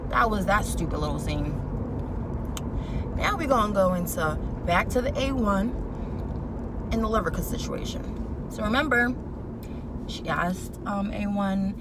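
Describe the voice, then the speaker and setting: A woman's voice: medium pitch, measured pace, long pauses. A young woman giving an opinionated, colloquial recap of a reality show episode in a casual vlog. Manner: opinionated, sassy, colloquial, animated. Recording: clear background noise, vehicle sounds.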